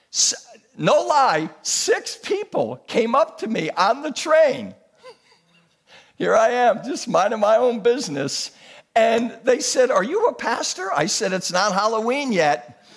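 A pastor in his sixties preaching a sermon, telling stories in an animated way and rising into exhortation. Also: extremely high pitch, creaky.

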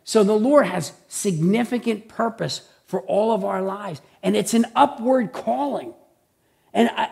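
A man preaching a sermon as pastor, conversational, with many tag questions and frequent throat clearing. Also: sits high, dark tone. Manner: clears his throat often.

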